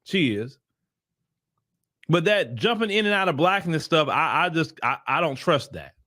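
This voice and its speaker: A man's voice: on the high side, animated, normal speed, pushed and bright, dry recording, studio quality. A man hosting his own channel, giving opinionated political commentary in blunt, casual talk and repeating his points for emphasis. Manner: casual vernacular talk to viewers.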